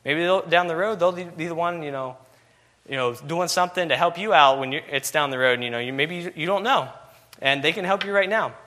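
A man's voice: fairly high pitch, brisk, pushed and bright. A man preaching a sermon, asking repeated rhetorical questions with constant "you know" fillers.

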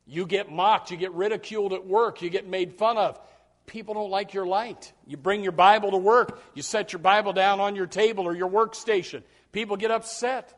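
A man's voice: sits high, fairly even intonation, normal speed. A man preaching a sermon to his congregation, acting out quoted voices and repeating words as he builds his points. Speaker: pastor.

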